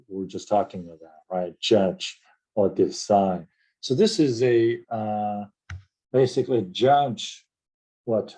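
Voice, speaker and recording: A middle-aged man teaching vocabulary in an unhurried, measured way, with a low, mellow voice. He explains word roots and spells each word out letter by letter. He keeps checking in with "right?" and fills his pauses with "uh". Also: low-quality recording. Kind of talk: recorded vocabulary lesson.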